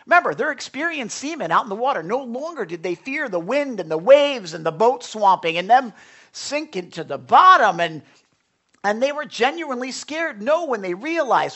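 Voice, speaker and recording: A man's voice: very high-pitched, sing-song, normal speed, sharp tone. A man of Italian background preaching a sermon as pastor, earnest and conversational, with frequent restarts.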